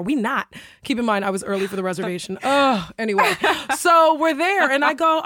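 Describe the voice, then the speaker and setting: A young woman spins an anecdote on a podcast, acting out every line with gasps and laughs. Her voice sits a touch high, recorded close and dry with no room sound. She swings animatedly between narration and quoted voices. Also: lively intonation, moderate pace, a bit bright, no room sound. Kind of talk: casual storytelling chat.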